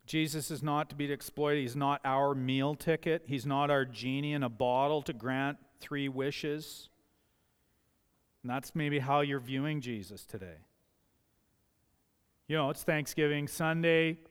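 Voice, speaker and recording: A man's voice: medium pitch, a little slow, smooth. An older man preaching a sermon as pastor, emphatic and repeating key phrases for effect. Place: church sanctuary. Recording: long hall reverb.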